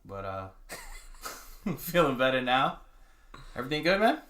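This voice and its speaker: A bright-toned man with a slightly hoarse voice, chatting as a podcast co-host. He switches between laid-back banter and hyped shouts. The sound comes from a roomy, echoey space with faint noise behind it. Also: mid-range voice, very animated, measured pace. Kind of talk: casual chat.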